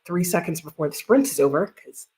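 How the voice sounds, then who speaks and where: A woman's voice: lowish voice, expressive, fairly quick, dark tone. A woman hosting a live stream, chatting casually, often laughing and greeting viewers from the chat. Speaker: livestream host.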